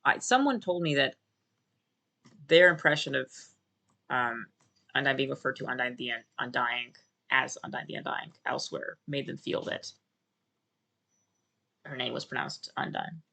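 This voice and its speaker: A man's voice: medium pitch, moderate pace, vocal fry, long pauses, pushed and bright. A man streaming a game live, musing aloud to his chat in a rambling, self-correcting way. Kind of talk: casual live-stream commentary.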